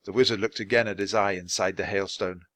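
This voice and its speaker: A man reading a children's storybook aloud, slowly and deliberately for English learners. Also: fairly low pitch, fairly even intonation, fairly bright tone, no room sound. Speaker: storybook reader.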